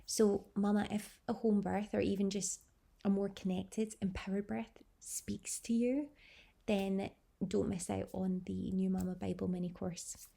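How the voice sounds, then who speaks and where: A woman's voice: mid-range voice, flat delivery, unhurried, gravelly, dark tone. A young adult woman hosting a vlog, telling her birth story in an effusive way, heaping on superlatives. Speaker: vlog host.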